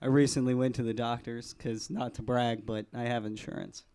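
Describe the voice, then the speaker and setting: A man doing a live stand-up set in a club, deadpan, chuckling at his own jokes. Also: mid-range voice, normal speed, slight background noise. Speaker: stand-up comedian. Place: comedy club stage.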